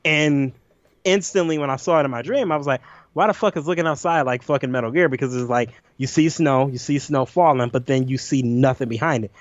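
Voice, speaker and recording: A man co-hosting a podcast, telling a nightmare story in an animated, profane way and acting out his own lines. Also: medium pitch, a little fast, dry recording. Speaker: podcast co-host. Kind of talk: casual storytelling chat. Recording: dull lo-fi audio, dry.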